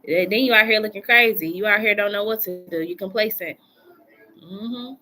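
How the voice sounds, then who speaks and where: Bright-voiced woman giving tarot reading. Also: mid-range voice, moderate pace, slight background noise. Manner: chatty, colloquial, repeats phrases for emphasis. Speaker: tarot reader. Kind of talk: casual live-stream reading. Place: home.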